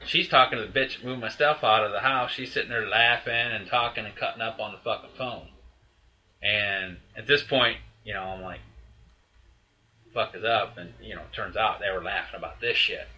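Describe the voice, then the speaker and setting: A man's voice: on the low side, moderate pace, bright, forceful tone, low-quality recording. A man in casual conversation, telling a heated, profane story that rambles with restarts and asides. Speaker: storyteller recounting a breakup.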